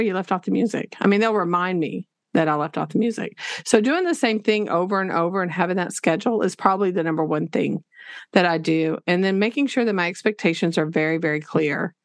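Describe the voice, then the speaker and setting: A woman teacher, telling classroom stories in a casual, animated way and acting out what people said. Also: on the low side, dry recording, clean studio sound. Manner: animated, laughing, acts out quotes. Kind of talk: casual storytelling interview.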